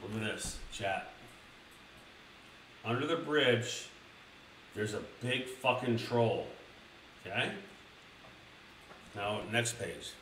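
Young man, streamer, crude comedic storybook reading, excitable, talks to chat, off-mic, faint background noise. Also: medium pitch, roomy sound, recorded from a distance, poor audio. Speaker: streamer reading a children's book.

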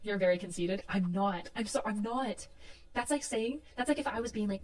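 A woman's voice: mid-range voice, fast, a little mellow. A woman streamer ranting in an exasperated, profane, lecturing way. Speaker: livestreamer. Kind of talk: heated stream rant. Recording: distant mic with faint room noise.

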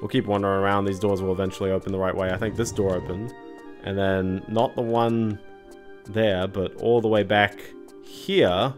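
A man with a fairly low voice gives casual, meandering commentary while he plays a game on stream. He thinks out loud and drifts between remarks, and quiet game music runs underneath him. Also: fairly even intonation, normal speed. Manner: rambling, thinking aloud while playing. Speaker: streamer playing a video game.

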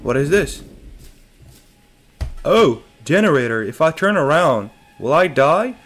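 Here the streamer speaks in a fairly high, sing-song voice that's a bit bright and a little slow. He's a man doing laid-back gameplay commentary, joking with his chat and himself and yelping whenever a scare hits.

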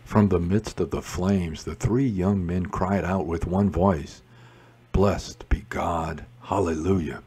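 A man leading morning prayer, reciting psalms and responses in a measured liturgical way. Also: deep voice, steady tone, dark tone, husky. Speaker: prayer leader.

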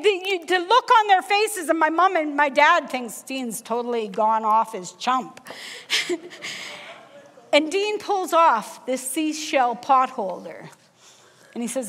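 Woman preacher, middle-aged, high voice, unhurried storytelling, church reverb. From Canada. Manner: animated storyteller, acts out dialogue. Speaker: guest preacher. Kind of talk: sermon with personal storytelling. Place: church sanctuary.

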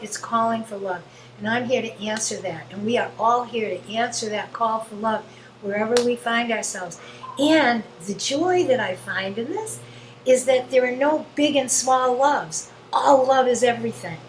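A woman's voice: on the high side, normal speed, roomy sound, slight background noise, low-quality recording. Earnest woman sharing spiritual reflections. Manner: earnest, gentle, quotes herself in dialogue. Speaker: spiritual group member sharing.

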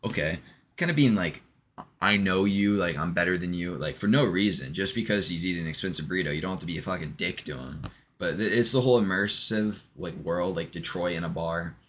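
A man's voice: low voice, animated, fairly quick, a bit bright, slight background noise. A man casually retelling a long joke in a rambling monologue, full of ums, restarts and offhand swearing. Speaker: vlogger.

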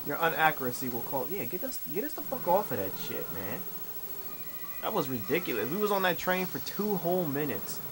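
A young man casually commentating while he plays an online shooter, swearing and complaining with sudden excited outbursts. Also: fairly high pitch, fairly quick, music in the background. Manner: profane, frustrated, with excited outbursts. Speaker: gamer. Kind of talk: live commentary over gameplay. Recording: noisy capture over game audio. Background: game sounds.

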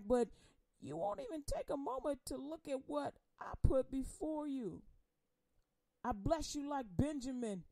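A woman's voice: high voice, mellow, no room sound, studio quality. A woman performing spoken word poetry in a rhythmic, preaching delivery, speaking in the first person as Jesus with slangy, teasing confrontation.

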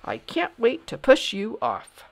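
A spoiled, indignant grand duke from a children's storybook barks his words with plenty of swing in his pitch, as a woman reading aloud puts him on. The delivery is slow and sharp, with a gravelly edge. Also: wildly swooping pitch, exaggerated voice. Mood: angry. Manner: snappish, indignant. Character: haughty, angry male grand duke.

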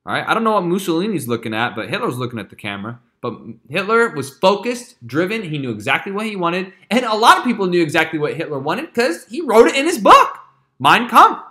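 A male history teacher lectures in a bright, slightly high voice. He keeps the talk loose and casual and checks in with his listeners constantly. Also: very animated, brisk. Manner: casual and chatty, with frequent check-ins.

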